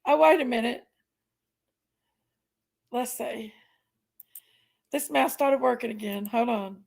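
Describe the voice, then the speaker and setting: Hoarse, gravelly woman host. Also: a little high, takes it slowly. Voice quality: loud, laughs often. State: hoarse from allergies. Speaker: livestream host. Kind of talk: casual live chat with viewers.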